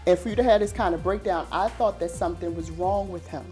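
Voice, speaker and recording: A woman's voice: fairly low pitch, fast talker, a little mellow, faint music behind. Chatty woman telling a personal story. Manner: chatty storytelling, lots of "you know". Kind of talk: candid group discussion.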